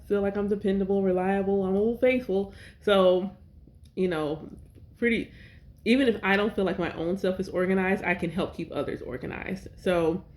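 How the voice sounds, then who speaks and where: A woman hosting a podcast, talking casually about names and numerology, pausing often to correct herself. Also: medium pitch, darkish tone. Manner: conversational, with self-corrections and fillers. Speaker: podcast host and priestess. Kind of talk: casual spiritual talk.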